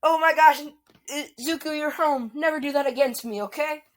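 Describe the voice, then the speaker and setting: A casual storyteller voicing an excited, welcoming young woman who gushes and fusses. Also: mid-range voice, a little slow, no room sound, studio quality. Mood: gushing.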